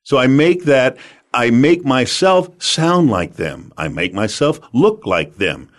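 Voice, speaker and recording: A man from the United States, an animated and emphatic storyteller, giving sales advice as an interview guest. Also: mid-range voice, slow pace.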